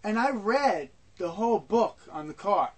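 An older man recounts memories in a loose, rambling storytelling style. His voice sits noticeably high for a man. He circles back and repeats himself, tossing in asides as he goes. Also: lively intonation, a little slow, breathy edge. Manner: rambling, repetitive, frequent asides. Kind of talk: personal storytelling.

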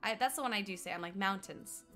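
Bright, chatty young woman streamer. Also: mid-range voice, rapid-fire, faint music behind. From Colorado. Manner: chatty and giggly, slips into mock accents. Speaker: livestreamer. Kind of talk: casual chat while gaming and reading chat.

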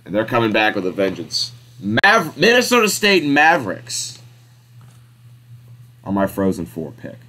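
A man's voice: fairly low pitch, wildly swooping pitch, unhurried, pushed and bright. Casual young man mulling sports picks. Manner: casual, hesitant, thinks aloud with restarts and slang.

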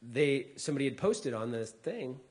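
This comedian's medium-pitched voice swings widely in pitch while keeping a moderate pace. A middle-aged man, he tells stories to a society, performs the voices of those he quotes, and often repeats himself as he restarts.

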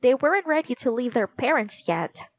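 A woman's voice: high-pitched, very animated, normal speed, dry recording, voice pushed up. Woman reading as an earnest falcon-loving boy. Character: eager boy who loves falcons.

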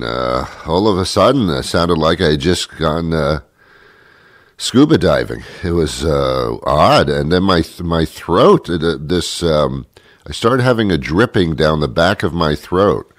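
Stuffy-nosed man with a low voice. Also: unhurried, no echo, studio quality. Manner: rambling, jokey, animated. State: congested with a cold. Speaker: radio show host. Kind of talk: comedic radio monologue.

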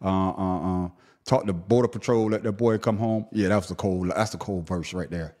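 A man hosting a podcast, giving an animated solo commentary that swings between a low grumble and high-pitched outrage, often stammering. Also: moderate pace. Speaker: podcast host.

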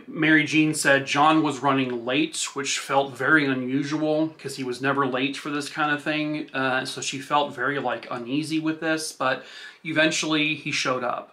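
A man's voice: medium pitch, sharp tone. A male true crime podcast host retelling a case in a loose, casual way, using filler words like "like" and "I guess".

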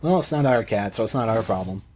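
A young man gives rambling, excitable let's play commentary and swears now and then. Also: fairly low pitch, fast. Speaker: gamer. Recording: noisy background ambience.

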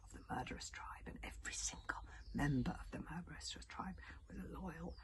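A woman's voice: deep voice, fairly quick. A woman in a whispered storybook reading, narrating a chapter and adding her own little asides. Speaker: reader.

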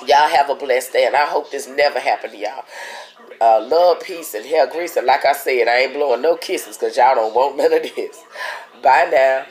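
In a casual video diary, a vlogger with a rumbling low voice talks at normal speed, sick with a cold and short of breath. She complains at length to her viewers, addressing them as y'all.

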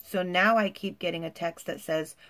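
A woman's voice: on the low side, fairly even intonation, normal speed, fairly bright tone. A woman vlogging at home in a chatty, gushing way, full of "like" and "you guys". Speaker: lifestyle vlogger. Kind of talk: casual chat to camera.

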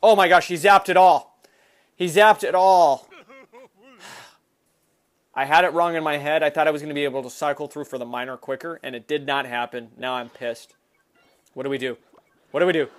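Hyped man yelling through a mobile game. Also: on the high side, normal speed, pauses often. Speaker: gaming YouTuber. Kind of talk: excited live gameplay commentary.

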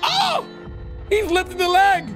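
A young man hosting a gaming channel, giving excitable reaction commentary with lots of exclamations and "bro". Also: very high-pitched, takes it slowly, over music. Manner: animated, exclaiming, calls viewers bro.

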